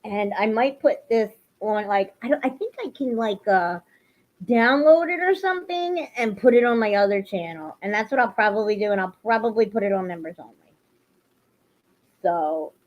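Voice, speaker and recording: A woman's voice: mid-range voice, expressive, normal speed. A woman hosting a casual livestream, talking emotionally to her viewers and swinging into heated rants. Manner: emotional, swings into angry ranting. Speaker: livestream host. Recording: lo-fi livestream audio.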